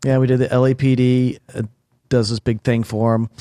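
A man's voice: mid-range voice, level tone, fairly quick, warm tone, dry recording, clean studio sound. A man in casual podcast chat, telling long stories with many fillers and restarts.

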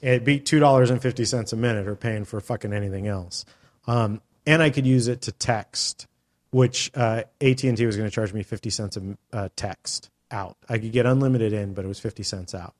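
A man's voice: fairly low pitch, brisk. A middle-aged man hosting a podcast, telling a long story in casual chat, rambling with lots of fillers and casual swearing. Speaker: podcast host.

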